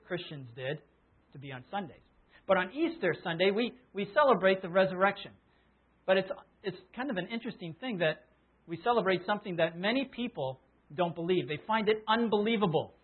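A man's voice: high voice, husky. A man preaching an Easter sermon as pastor, talking casually and retelling a story with little acted-out bits. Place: church. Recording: phone-like lo-fi sound.

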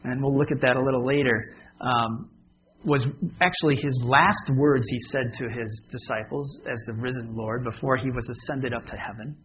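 A man's voice: mid-range voice, steady tone, moderate pace, dull audio, a little hiss or hum. Conversational man preaching a sermon. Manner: conversational, joking with the congregation. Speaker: pastor.

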